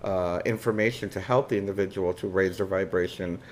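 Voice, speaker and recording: A man's voice: sits low, steady tone, a little fast, a little hiss or hum. A man hosting a casual interview, hesitant and searching for words with many uhs. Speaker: interview host.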